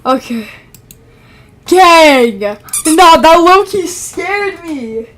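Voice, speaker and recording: A young woman streaming a game, excitable, shrieking and mock-crying when things go wrong, then muttering low to herself. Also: very slow. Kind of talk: live gaming stream commentary. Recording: game music loud behind the voice.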